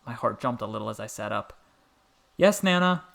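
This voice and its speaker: Calm, soft-spoken male storyteller. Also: on the low side, fast, gravelly. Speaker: narrator. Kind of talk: scripted story narration.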